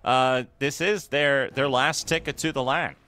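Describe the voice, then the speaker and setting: A man calling live esports play-by-play, excitable with quick calls and easy laughter. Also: medium pitch. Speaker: esports caster.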